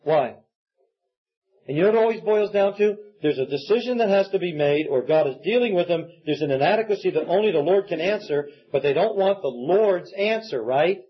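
A man preaches with earnest conviction, his voice pitched high and slightly husky. He breaks into acted-out pleas as he makes his points, and the recording sounds dull and lo-fi. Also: lively intonation, fairly quick. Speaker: pastor. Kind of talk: sermon.

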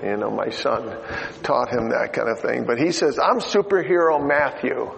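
A man's voice: mid-range voice, normal speed, vocal fry, slight background noise. An older man preaching a sermon in a chatty, joking way, with many fillers. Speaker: pastor. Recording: dull lo-fi sound in a reverberant hall.

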